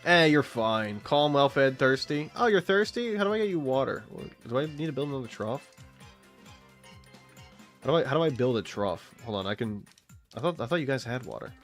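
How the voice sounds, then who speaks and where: A man in his late twenties gives loose, rambling gameplay commentary, swearing freely and chatting with his viewers and the animals on screen. His voice is middle-pitched but swoops up and down a lot, with faint music running behind him. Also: expressive, normal speed. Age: late 20s. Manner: rambling, profane, chatty with chat and game animals. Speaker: streamer.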